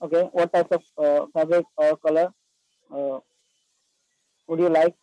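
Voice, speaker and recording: A male student reciting a short prepared dialogue in class, with hesitant pauses. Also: on the high side, little pitch movement, dark tone, dry recording. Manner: hesitant, halting. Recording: dull dry call audio.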